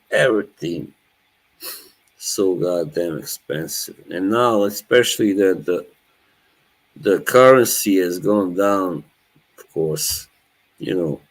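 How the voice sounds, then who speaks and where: A man's voice: low-pitched, a bit bright, poor audio. A man, chatting casually with his live chat as a streamer, laughing often. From Bosnia. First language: Norwegian. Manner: laid-back, laughs often, chats to viewers.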